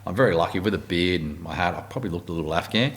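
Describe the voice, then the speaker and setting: Rattling off war stories at rapid-fire speed, the middle-aged Australian warrant officer talks in a low-pitched voice over background noise. He's blunt, profane and animated throughout the casual interview.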